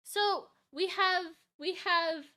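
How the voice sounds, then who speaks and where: A woman streaming live, chatting casually and excitably as she reacts to a video, often restarting her sentences. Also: very high-pitched, slow.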